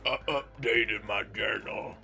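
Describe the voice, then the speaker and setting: A man's voice: lowish voice, slow pace, gravelly, bright, forceful tone. A young man streaming a video game live, reading its text aloud with casual, profane asides. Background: faint game music.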